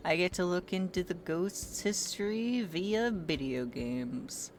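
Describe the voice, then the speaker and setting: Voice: medium pitch, lively intonation, takes it slowly, a little hiss or hum. A streamer talking casually while playing a game, with chatty asides.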